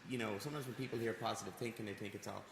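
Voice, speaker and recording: A man with an Irish accent, a gym coach co-hosting a podcast, talking in an animated, rambling way and repeating phrases. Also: medium pitch, very fast, over a noisy crowd. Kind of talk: casual podcast chat. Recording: echoey room with long reverb and background noise.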